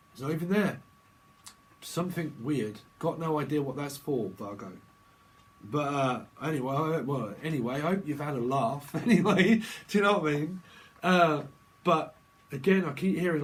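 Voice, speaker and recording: A man's voice: on the high side, expressive, normal speed. Rambling, jokey tarot reader man. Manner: jokey, rambling, free-associating, laughs a lot. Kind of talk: rambling solo reading video.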